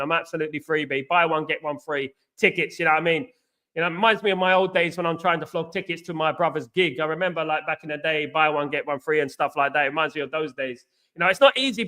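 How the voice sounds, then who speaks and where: A man hosting a casual football fan chat, telling animated stories with slang and asides. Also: high voice. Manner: animated, chatty storytelling with slang. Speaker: host.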